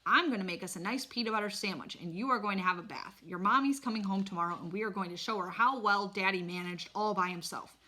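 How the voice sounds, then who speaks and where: A woman's voice: mid-range voice, quick pace, few pauses, pushed and bright. A woman voicing a cheerful, proud father who talks in a hearty, coaxing way. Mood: firm. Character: cheerful, proud father cooking for his sons.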